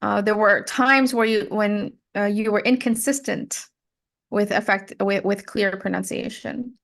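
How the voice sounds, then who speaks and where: A woman's voice: medium pitch, steady tone, a little slow, gravelly, a bit bright. A woman tutoring English pronunciation, explaining patiently and modeling words and sentences. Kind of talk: giving spoken feedback in a one-on-one lesson.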